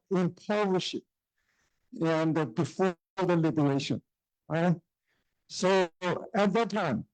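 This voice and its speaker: A man's voice: sits high, clear, resonant tone, no echo, low-quality recording. A male professor from China lecturing in English, hesitant with many fillers, often checking in with the audience. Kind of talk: university lecture. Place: lecture room.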